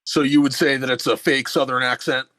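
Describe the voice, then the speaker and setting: A man hosting a call-in comedy stream, questioning a caller haltingly from his notes. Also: medium pitch, level tone, bright, forceful tone, dry recording. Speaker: host. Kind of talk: mock-serious interview.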